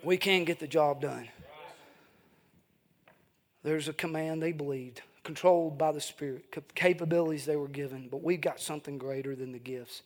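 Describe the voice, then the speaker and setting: A man's voice: a little high, moderate pace. A man preaching an evening revival sermon as an evangelist in a church, fervent and emphatic, with folksy asides.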